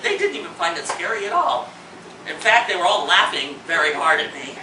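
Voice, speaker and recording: A man spins a comic tale to a live audience in a theater, his voice high and lively. The sound is roomy and caught from a distance, with steady noise underneath. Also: brisk. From Indiana. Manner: animated, acts out his panic, shrieks lines. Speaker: storyteller in a one-man show. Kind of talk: comic stage storytelling. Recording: roomy hall, mic from afar, noisy.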